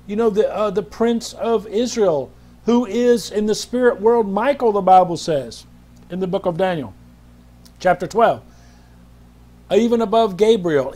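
Fervent high-voiced male preacher. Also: darkish tone. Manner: fervent, interjects hallelujahs. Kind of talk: sermon. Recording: roomy, music in background.

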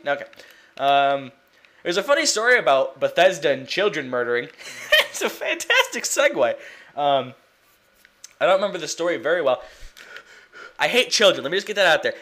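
A young man giving casual, rambling commentary while playing a video game, excitable and quick to swear. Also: a little high. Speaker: let's play gamer.

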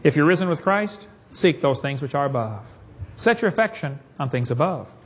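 A man's voice: a little high, expressive, moderate pace, slight background noise. A man with a Southern accent preaching a sermon in a folksy, joking, storytelling way.

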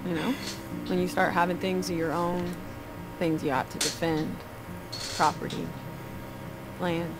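A woman's voice: fairly low pitch, little pitch movement, unhurried, pauses often, loud music behind the voice, close to an everyday voice. A woman voicing a laid-back, teasing young female drifter in a video game, with an easygoing drawl. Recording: game audio under noisy mix.

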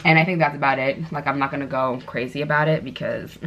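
A woman's voice: extremely low pitch, fairly even intonation, fast talker, fairly bright tone, lo-fi sound. A young woman chatting casually while she does her makeup, telling stories in a bubbly way with lots of fillers. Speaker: beauty vlogger.

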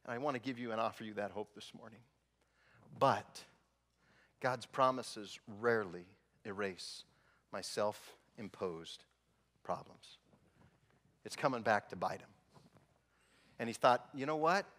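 Joking pastor in an echoing church. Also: male voice, lowish voice, unhurried, long pauses, fairly bright tone. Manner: humorous, conversational storytelling. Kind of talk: sermon. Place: church sanctuary. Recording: long reverb in a church hall.

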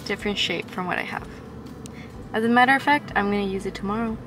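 A woman's voice: mid-range voice, quick pace. A young woman vlogging casually, chatty and enthusiastic as she talks to her viewers. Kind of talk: casual vlog chat. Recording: music playing behind.

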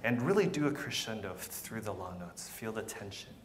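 A man's voice: fairly low pitch, lively intonation, normal speed. A man teaching a violin masterclass, encouraging and patient, often repeating words and counting beats aloud. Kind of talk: masterclass coaching.

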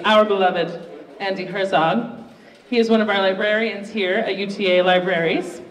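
A host running a live student pitch contest in a university library event room. The host is chatty and upbeat and pokes fun at their own slip-ups. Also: recorded from a distance. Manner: upbeat, chatty, self-mocking. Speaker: game show host. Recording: roomy, echoey room recorded from afar.

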